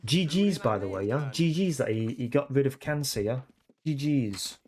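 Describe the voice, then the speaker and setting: Male streamer, rambling casual chat, mid-pitched voice, keeps checking in with viewers. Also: lively intonation, moderate pace, a little mellow. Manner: rambling, keeps tagging "yeah?" onto sentences. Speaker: game streamer.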